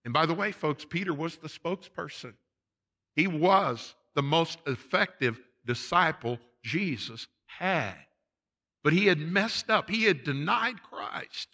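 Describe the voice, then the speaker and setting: A man's voice: fairly high pitch, lively intonation, measured pace, pushed and bright. A man preaching a sermon as pastor of a church, repeating his points and calling the congregation folks. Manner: preaching with emphatic repetition, addressing the congregation as folks. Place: church sanctuary.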